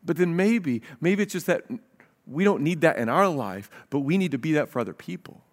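Pastor guy preaching, kinda high voice, earnest, reads verses out, stumbles and repeats words a lot. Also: expressive, brisk. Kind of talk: sermon.

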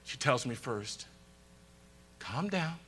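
A man pastor preaching a sermon, calling out to the congregation and swinging between loud bursts and quiet asides. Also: medium pitch, expressive, slow pace.

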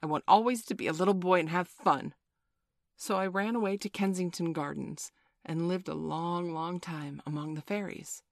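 A woman reading a storybook aloud, voicing a merry, boastful young boy in a raised, lively voice. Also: on the low side, moderate pace, gravelly, no echo, studio quality. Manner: bright boyish storybook voice, lively and proud.

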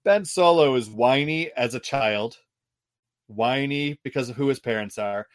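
A man chatting casually as a podcast co-host, rambling and animated, with lots of fillers and restarts. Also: medium pitch, a little slow. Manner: rambling, animated, quotes characters in put-on voices. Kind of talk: casual chat.

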